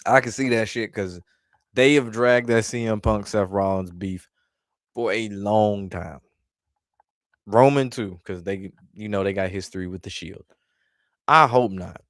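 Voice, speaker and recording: Vlog host, male, low smooth voice, dry close sound, blunt exasperated ranting delivery. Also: measured pace, long pauses, fairly bright tone, no room sound. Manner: exasperated, blunt, heavy swearing. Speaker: wrestling commentary vlogger. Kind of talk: casual profane rant reacting to chat.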